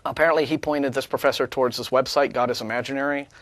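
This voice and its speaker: A man's voice: mid-range voice, steady tone, fast talker, a bit bright, no room sound. A man co-hosting a talk show, chatting casually in a sarcastic, rambling way with many restarts. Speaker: co-host of a call-in show. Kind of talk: casual chat.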